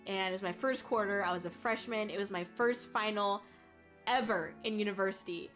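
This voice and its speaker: A young woman streamer telling a story in casual chat, rambling with many fillers and restarts, laughing often and getting loud when excited. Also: medium pitch, fairly quick. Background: faint background music.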